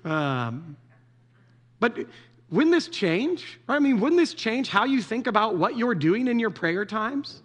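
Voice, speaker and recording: This is a man with a high-pitched voice giving a relaxed, conversational sermon. He jokes with the congregation and keeps checking in with them. His tone stays easygoing and familiar throughout. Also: measured pace. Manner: casual, joking, asks the audience "right?" often. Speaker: preacher.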